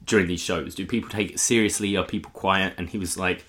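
A man's voice: sits low, quick pace. A man hosting a casual podcast, telling stories with energy. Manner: energetic storyteller, lively. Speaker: podcast host.

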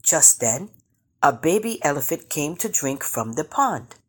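A woman reading a children's picture book aloud, slow and expressive. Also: low voice, husky. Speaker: storyteller.

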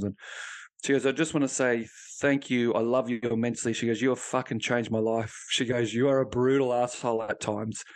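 A man speaking as a podcast guest, telling a personal story in a frank, unpolished way. His pitch sits in the middle range for a man. He swears freely and slips into the voices of people he quotes as he recounts conversations. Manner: blunt and profane, acting out remembered dialogue.

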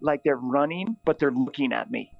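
A middle-aged priest telling a funny story in conversation, animated and laughing often. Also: male voice, mid-range voice, moderate pace, vocal fry. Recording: dull, dry lo-fi sound.

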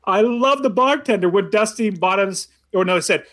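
A man's voice: high voice, moderate pace, few pauses, fairly bright tone. A man co-hosting a casual movie discussion, rambling with many restarts and frequent laughs. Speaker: podcast co-host.

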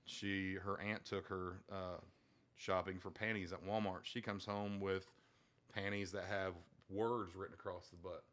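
Bright-voiced swearing dad telling stories. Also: male voice, low-pitched, little pitch movement, measured pace. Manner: profane storyteller, swears constantly. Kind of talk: casual chat.

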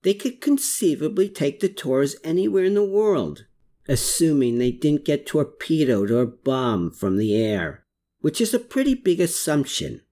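A man's voice: fairly high pitch, big pitch swings, a little slow, mellow. A narrator voicing a determined man who reasons aloud through his plans. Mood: pondering. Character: tense determined man investigating.

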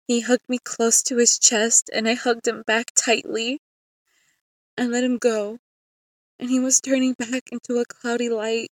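A woman narrating a spooky story in the first person, in a calm, steady storybook reading. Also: fairly high pitch, unhurried, no room sound.

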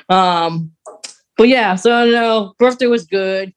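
A man's voice: sits high, clear, resonant tone. Chatty young man rambling along. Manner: rambling, chatty, quick laughs. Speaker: podcast co-host. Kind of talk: casual chat.

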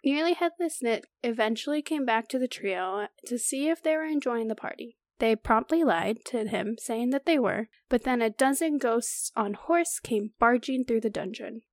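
Woman reading a chapter out loud on a podcast, higher voice, dry close sound. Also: expressive, normal speed, few pauses, dry recording. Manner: reads steadily, stops to comment and laugh. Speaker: podcast co-host. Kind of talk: reading a book chapter aloud and recapping.

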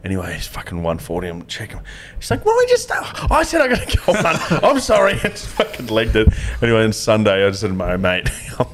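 A man's voice: lowish voice, very animated, a little fast, noisy background. A man, co-hosting a casual podcast chat, telling rambling stories with plenty of swearing and laughter. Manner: rambling storyteller, swears a lot, laughs often. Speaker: podcast co-host.

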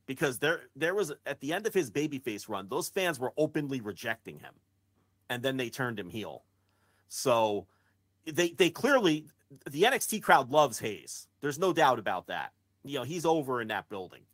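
A man's voice: medium pitch, a bit bright. A man co-hosting a wrestling podcast, talking bluntly and at length in casual, profane chat with frequent restarts.

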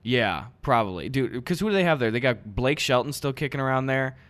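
Swearing casual podcast co-host, middle pitch. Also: male voice, lively intonation, a little fast. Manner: swears freely and acts out quotes in a raised, shouting voice. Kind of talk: casual chat.

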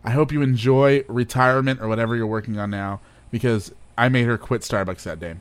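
A young man co-hosting a casual chat show, telling a story in an animated, laughing way with playful overacting. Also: mid-range voice, fairly quick, smooth. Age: young adult. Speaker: podcast co-host.

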